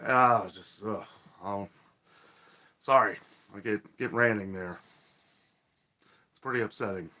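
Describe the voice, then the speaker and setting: A man's voice: lowish voice, slow, pauses often, bright, forceful tone. A man hosting a casual live-stream chat, reading viewer comments aloud and ranting.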